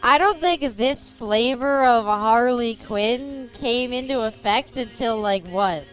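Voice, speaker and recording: A young Canadian woman with a Canadian accent chats her way through a game stream. Her voice sits slightly high and she talks slowly, often breaking into giggles. Faint game music plays behind her. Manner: giggly, chatty, rambling. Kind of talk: gameplay commentary.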